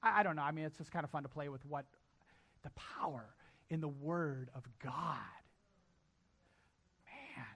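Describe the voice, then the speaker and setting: A man preaching a sermon in a bright, forceful voice, pitched a little above the usual for men. He drives his points home by repeating them and speaking straight to his congregation. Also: measured pace, long pauses. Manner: emphatic, repeats key lines to a congregation. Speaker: pastor.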